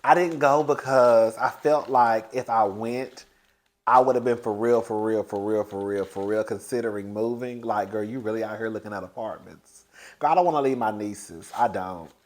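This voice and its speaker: A young man telling a casual storytime to his viewers, animated and chatty, often calling the listener "girl" and jumping into high excited bursts. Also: normal speed.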